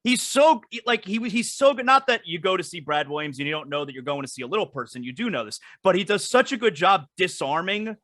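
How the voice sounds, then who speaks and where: A man hosting a podcast in casual chat, talking in an enthusiastic, excitable way. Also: sits high, fast, few pauses, no room sound, studio quality. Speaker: podcast host.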